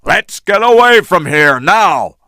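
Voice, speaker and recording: A man's voice: very high-pitched, wildly swooping pitch, extremely slow, bright, forceful tone, clean tone, dry recording, studio quality, pitched above the performer's own voice, full character voice. A man voicing a harsh ship captain in a storybook reading, barking short orders. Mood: commanding.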